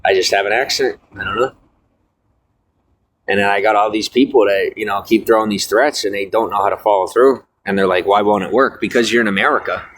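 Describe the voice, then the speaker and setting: A man's voice: lowish voice, a little fast, a bit bright, poor audio. A young man talking to viewers in a rambling monologue, full of fillers and restarts, preachy and defiant.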